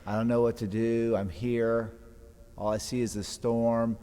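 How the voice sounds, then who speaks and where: Slow-preaching priest in a reverberant church. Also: male voice, medium pitch, little pitch movement, dark tone, clean tone. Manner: dramatic retelling, voicing scripture quotes. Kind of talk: homily.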